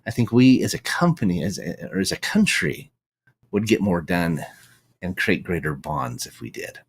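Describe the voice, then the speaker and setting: A middle-aged man from the United States talks through a solo podcast episode in a husky, fairly low voice. His pitch rises and falls a lot as he tells stories and reflects, often restarting phrases and tossing in "right?" along the way. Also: very animated, moderate pace. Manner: reflective, storytelling, frequent restarts and "right?" tags. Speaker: podcast host. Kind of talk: solo monologue.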